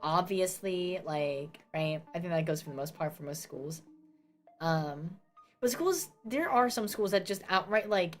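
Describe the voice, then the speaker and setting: A woman's voice: mid-range voice, animated, measured pace, fairly bright tone, soft background music. A young woman from New Jersey chatting casually as a streamer, ranting and swearing with self-mocking asides. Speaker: VTuber streamer.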